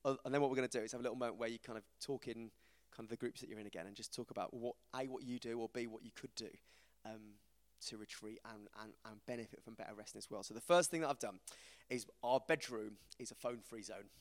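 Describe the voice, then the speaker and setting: A man, giving an informal, self-deprecating talk to a church group, animated as he tells stories. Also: medium pitch, fast talker, hardly any pauses. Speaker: preacher. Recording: reverberant hall.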